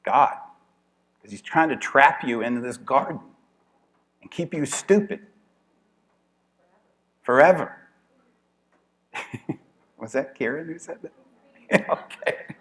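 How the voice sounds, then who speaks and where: A man's voice: a little high, slow pace, pauses often, fairly bright tone. A man giving an informal evening lecture to a class. He talks in a chatty way, laughs often and thinks aloud with restarts.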